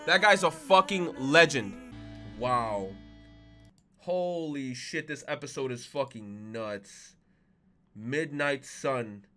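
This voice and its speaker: A young man giving anime reaction commentary, excitable and swearing, with emotional outbursts. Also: medium pitch, takes it slowly, soft background music. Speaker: reaction streamer.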